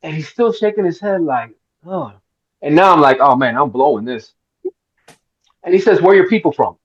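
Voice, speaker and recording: A middle-aged man from Miami, fairly high-pitched, spins a long story at a roundtable and slips into the voices of the people in it. The sound is a little dull and lo-fi. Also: a little fast, husky. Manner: animated storyteller, acts out quotes. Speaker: actor guest.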